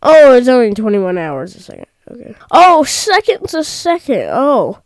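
A chatty, excitable woman talks through her gameplay in a casual commentary, wandering into rambling asides. Her voice sits fairly high and swings up and down a lot. It comes through a desk mic with a dry, close sound. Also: normal speed, no echo. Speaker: gameplay video host. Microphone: desk microphone.

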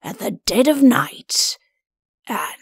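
A woman's voice: mid-range voice, very animated, takes it slowly, gravelly, husky, dry recording, studio quality, exaggerated voice. A woman voicing a vain, good-natured male king in a storybook reading. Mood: self-important.

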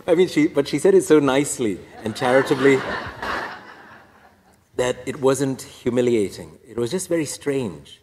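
A man's voice: mid-range voice, animated, normal speed, a little mellow. Man priest in an echoey hall. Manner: storytelling, wry and self-deprecating. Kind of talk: personal testimony talk.

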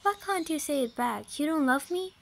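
A domineering young mafia husband from a romance audio story, as a woman reads him out in her own high voice. He is possessive and commanding, and the lines come in an even, steady reading manner without much change of voice. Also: normal speed, creaky. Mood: pleading, possessive.

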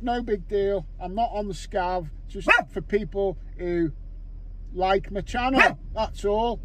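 Sweary, high-voiced Scouse man rambling in a car. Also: slow pace, very noisy. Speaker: vlogger. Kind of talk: casual chat to camera. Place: in a car, driving. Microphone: camera mounted on car window.

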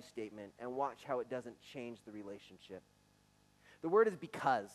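A man's voice: medium pitch, lively intonation, moderate pace, low-quality recording. A man in his forties, a pastor preaching a conversational, earnest sermon to his church, now and then stumbling over his words. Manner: conversational, earnest, with some stammered restarts. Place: church sanctuary.

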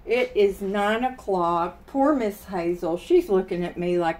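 An older woman talks to her viewers from her kitchen at a slow, easy pace. She is chatty and folksy, often breaking into exclamations. She sounds tired. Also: medium pitch, animated, darkish tone. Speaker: vlogger. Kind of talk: casual chat to camera. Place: home kitchen.

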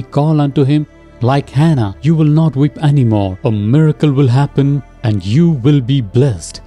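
A man preaching a devotional sermon, asking listeners gentle questions and leading them in an earnest prayer. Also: mid-range voice. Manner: slow, pleading, rhetorical questions to listeners.

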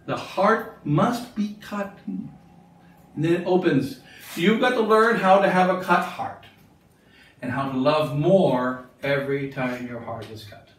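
Bishop teaching in a booming echo. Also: male voice, measured pace. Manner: asks the listeners questions, repeats phrases for emphasis. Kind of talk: catechism talk to religious sisters. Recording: very echoey room, mic far off.

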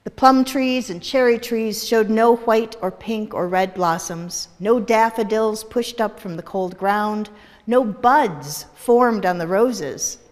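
A woman minister telling a story in a worship service, slow and expressive. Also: mid-range voice. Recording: echoey hall.

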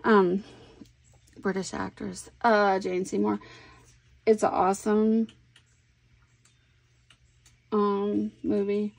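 A middle-aged woman talks unhurriedly as she crafts, thinking aloud and musing to herself. Her voice sits at a middling pitch and carries a gravelly fry. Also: flat delivery, takes it slowly, long pauses, darkish tone. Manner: chatty, thinks aloud while working. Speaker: scrapbooking crafter. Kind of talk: casual crafting vlog talk.

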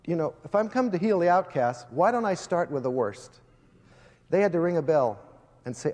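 Man, slightly higher voice, fiery storytelling speaker; long reverb of a big hall. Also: lively intonation, normal speed, darkish tone. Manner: emphatic, storytelling, addresses the audience directly. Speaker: guest speaker addressing students. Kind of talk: impassioned preaching-style speech.

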